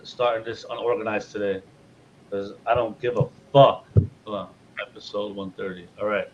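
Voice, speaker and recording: A man's voice: mid-range voice, lo-fi sound. A man hosting a podcast in loose, joking casual chat, swearing freely. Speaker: podcast host.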